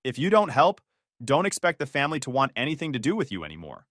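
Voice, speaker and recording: A man's voice: mid-range voice, wildly swooping pitch, quick pace, fairly bright tone, no echo, studio quality. A man voicing a desperate adult sister who pleads and accuses in a raised voice. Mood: pleading. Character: desperate angry adult sister, self-pitying.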